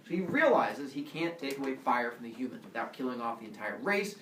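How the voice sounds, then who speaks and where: A man teaching a class, retelling a story in a playful, animated way and quizzing his listeners, recorded from a distance in an echoey classroom. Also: medium pitch, a little fast, a little hiss or hum. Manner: playful, asks the class questions. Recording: echoey classroom, far from the mic.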